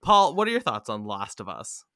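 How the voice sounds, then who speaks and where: A man hosting a podcast, talking casually in lively bursts. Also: fairly low pitch, no room sound, studio quality. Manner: lively, talks in quick bursts with many "um"s. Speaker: podcast host. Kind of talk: casual chat.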